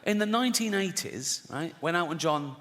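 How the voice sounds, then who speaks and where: A man's voice: on the high side, lively intonation, moderate pace, a bit bright. A middle-aged man doing a sweary stand-up routine, telling stories with constant "right?" tag questions. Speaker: stand-up comedian. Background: audience laughter.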